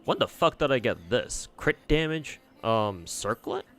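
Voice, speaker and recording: A man's voice: medium pitch, very animated, measured pace, a bit bright. A man streaming a game, chatting casually and swearing freely as he mutters to himself. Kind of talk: casual gameplay commentary. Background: faint game music.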